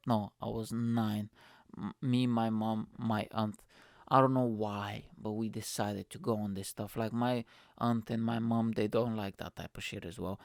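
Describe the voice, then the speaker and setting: A young man hosting a podcast, ranting in a profane, animated, casual comic style. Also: mid-range voice, gravelly, no room sound, clean studio sound. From Bulgaria. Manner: profane, animated, lots of fillers. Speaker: podcast host.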